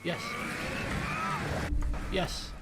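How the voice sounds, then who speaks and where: A man's voice: extremely slow, heavy background noise. A man streaming a game, thinking aloud in casual commentary and repeating himself as he works things out. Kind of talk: casual let's-play commentary.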